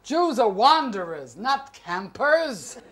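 A woman's voice: fairly high pitch, big pitch swings, slow, a bit bright, pitched below the performer's own voice, heavily acted. A woman on stage playing a stern mother who scolds her daughter curtly. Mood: scolding.

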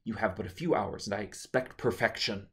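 A woman's voice: a bass voice, fairly quick, vocal fry. A man reading his own novel aloud, voicing a stern queen mother who scolds her children in a harsh tone. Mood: commanding. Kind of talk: audiobook narration.

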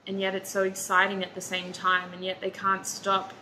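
A tired woman reads tarot cards aloud, chatting with her viewers like old friends and stopping now and then to say how sleepy she feels. Her voice is bright and forward, with a slight edge. A faint background hum sits behind her. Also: medium pitch, completely flat delivery, normal speed, rough recording. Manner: chatty, drowsy, talks to viewers as "you guys". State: sleepy and foggy-headed. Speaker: tarot reader. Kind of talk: casual tarot reading to camera.

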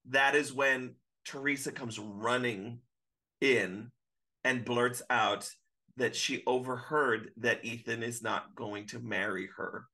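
Guy with a bright, forceful voice, emphatic podcast guest chat. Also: mid-range voice, fairly even intonation, slow. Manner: emphatic, exclaims and quotes his own reactions. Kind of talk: casual recap chat.

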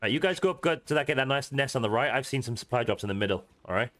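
A man's voice: medium pitch, expressive, racing, fairly bright tone. A man hosting a co-op game stream, chatting casually with friends, joking and swearing freely. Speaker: streamer host. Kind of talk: casual co-op gaming chat.

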